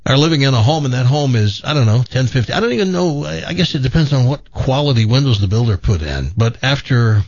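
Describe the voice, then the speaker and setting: A man's voice: medium pitch, animated, fast talker, hardly any pauses, a little mellow, no echo, lo-fi sound. A man with a Southern American accent hosting a radio show, chatting and reading ads with jokey asides. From Tennessee. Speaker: radio host. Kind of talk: radio talk and live ad read.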